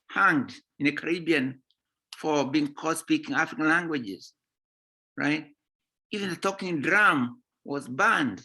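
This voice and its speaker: Man, guest author, emphatic, keeps asking "eh?" and "right?", bright forceful tone. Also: fairly high pitch, creaky. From Kenya. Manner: emphatic, often checks in with "eh?" and "right?". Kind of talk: impassioned talk in a conversation series.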